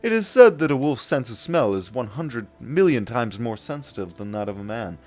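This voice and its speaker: A man's voice: medium pitch, very animated, moderate pace, a little mellow, soft background music, lightly acted. A man putting on a formal male game character who talks in pedantic mock archaic English. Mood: pompous. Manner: pedantic, stiff mock-Old-English phrasing. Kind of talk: mocking impression while streaming.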